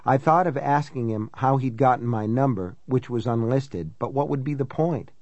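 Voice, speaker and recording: Male audiobook narrator, first-person, measured, reflective, mid-pitched, dry booth sound. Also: a little mellow, dry recording, lo-fi sound.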